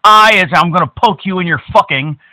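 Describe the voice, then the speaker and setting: A man making a prank phone call, crude, abusive and mocking, at times bursting into shouts. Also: high-pitched, a little fast, no echo. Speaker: prank caller.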